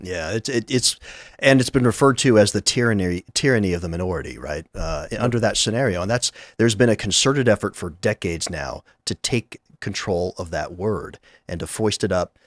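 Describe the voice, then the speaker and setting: A man's voice: lowish voice, animated, fairly quick, dry recording. A man appearing as a guest on a political talk show, speaking earnestly and emphatically into a close studio mic.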